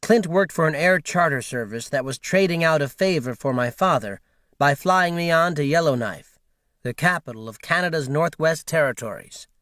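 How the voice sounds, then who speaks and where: A man's voice: fairly high pitch, expressive, normal speed, a bit bright, no room sound, studio quality. Man narrating an audiobook. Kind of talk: scripted narration.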